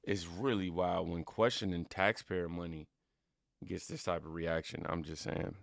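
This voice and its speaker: A man's voice: low-pitched, fairly even intonation, a little slow, creaky, dry recording, studio quality. A man hosting a reaction channel, chatting in a rambling, casual way straight to his viewers. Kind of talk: casual commentary.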